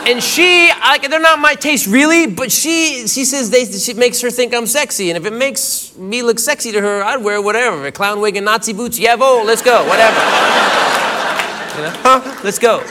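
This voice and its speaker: A man doing a stand-up comedy routine on a club stage, telling a story animatedly and breaking into acted-out shouts. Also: very high-pitched, moderate pace. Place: comedy club stage before a laughing crowd. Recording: loud crowd laughter and noise.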